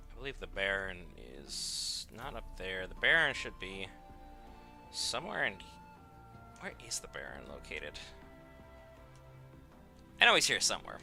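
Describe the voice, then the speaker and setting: A man's voice: on the low side, bright, forceful tone. A man streaming a game, chatting casually and wryly to his chat as he plays. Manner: chatty, wry, talks to chat. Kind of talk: casual gameplay commentary.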